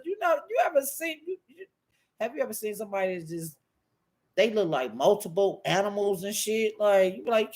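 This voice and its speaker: A man ranting casually about online streamers, telling stories full of profanity and laughter, and acting out what other people said. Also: high voice. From Washington DC. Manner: animated, profane storytelling with lots of laughter; acts out other people's quotes in shifting voices. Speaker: YouTube commentator.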